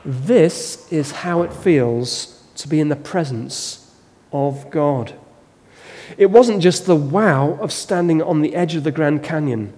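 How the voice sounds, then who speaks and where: Slow, dramatic preacher man in a hall. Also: fairly high pitch, warm tone. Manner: slow, dramatic storytelling delivery. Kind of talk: sermon. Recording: long reverb of a large hall.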